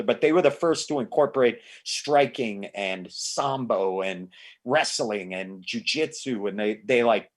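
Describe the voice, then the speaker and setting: A man in casual podcast chat, an excitable storyteller who stammers through restarts and swears freely. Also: on the low side.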